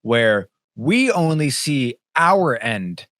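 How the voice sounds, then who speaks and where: A man co-hosting a casual podcast chat, animated and swearing, mocking clients in put-on voices over a webcam. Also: medium pitch, very slow, no echo, studio quality. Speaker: podcast co-host, band member.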